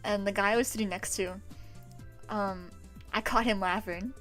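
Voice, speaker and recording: Young woman streamer in her twenties, casual and foul-mouthed, mid-pitched voice, laughs a lot, faint music underneath. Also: steady tone, moderate pace, fairly bright tone. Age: 20s. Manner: loose and profane, laughing often. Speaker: livestreamer. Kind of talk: casual chat with stream viewers.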